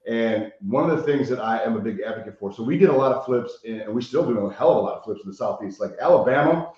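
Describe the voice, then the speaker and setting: A man from Chicago tells stories as a podcast guest, animated and profane, often checking in with "right?". His voice sits mid-range and rings in a very echoey room. The recording is dull and muffled. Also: mid-range voice, quick pace. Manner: animated storyteller, swears freely, frequent "right?" tags. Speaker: guest, rehab consultant. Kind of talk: casual podcast interview.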